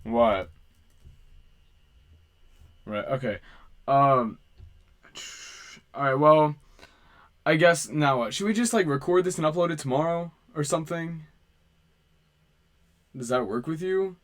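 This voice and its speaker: A man hosting a livestream, talking casually and haltingly as he sorts out audio trouble. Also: a little high, lively intonation. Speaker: livestream host.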